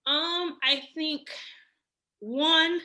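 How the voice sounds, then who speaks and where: A woman in her thirties, a guest on an interview podcast, answering in a reflective, unhurried way. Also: sits high, fairly even intonation, sharp tone. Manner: reflective, many fillers and restarts. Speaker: podcast guest, cosmetic chemist. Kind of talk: casual interview.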